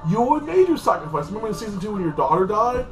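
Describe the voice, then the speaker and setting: A man's voice: sits high, sing-song, rapid-fire, far from the mic, soft background music, voice pushed up. A man voicing a scornful elder woman, taunting in a raised, mocking voice.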